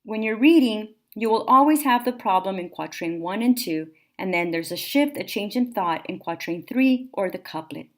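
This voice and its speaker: A woman teacher recording a classroom lecture, explaining step by step in a clear, methodical way. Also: medium pitch, animated, normal speed, few pauses.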